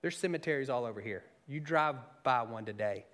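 A man preaching a sermon, moving between soft, intimate asides and raised, emphatic storytelling. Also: mid-range voice, lively intonation, fairly quick. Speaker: pastor.

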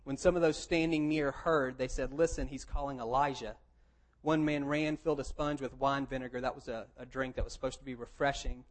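A man's voice: mid-range voice, flat delivery, brisk, hardly any pauses, rough recording. A man preaching a sermon, reading scripture aloud and then explaining it in a plain, conversational tone. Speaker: pastor.

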